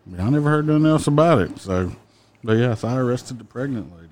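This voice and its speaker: A man's voice: mid-range voice, expressive, fast, slight background noise. A man who used to be a police officer tells his work stories in casual chat, blunt and profane. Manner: blunt, profane, mimics people loudly.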